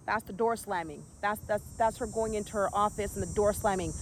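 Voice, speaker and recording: A woman's voice: medium pitch, fairly quick, few pauses, a little hiss or hum. A woman in her thirties from Canada, a former elite gymnast, telling her own story in a candid, emotional way with frequent fillers. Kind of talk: personal storytelling vlog.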